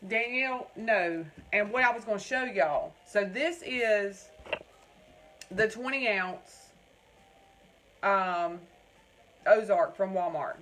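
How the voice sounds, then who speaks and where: Her voice is on the high side, pushed and bright, with a little hiss or hum in the poor audio. She's a Southern-accented crafting livestream host from North Carolina, rambling casually at home, reading comments aloud and repeatedly saying "y'all."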